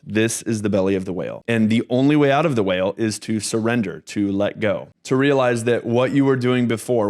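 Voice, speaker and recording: A male podcast host gives reflective motivational commentary. His voice sits at a middling male pitch. He speaks earnestly and builds his points through repeated, sermon-like phrasing. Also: darkish tone.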